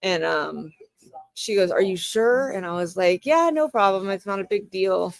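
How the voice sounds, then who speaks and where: A woman's voice: medium pitch, animated, moderate pace, vocal fry, dry recording, poor audio. A woman in her thirties hosting a livestream, telling a rambling everyday anecdote in casual chat and acting out the back-and-forth dialogue. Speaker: livestream host.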